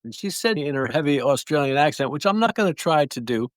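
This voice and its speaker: A man's voice: on the high side, lively intonation, fast talker, dry recording. A man telling stories in an interview, rambling through anecdotes with small restarts. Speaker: guest clownfish breeder. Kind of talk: relaxed storytelling.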